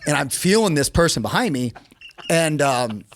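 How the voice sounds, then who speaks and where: Speaking at normal speed over a noisy background, this middle-aged man from the United States is an animated podcast guest. He tells a casual story and voices the quotes with abrupt, lively pitch leaps.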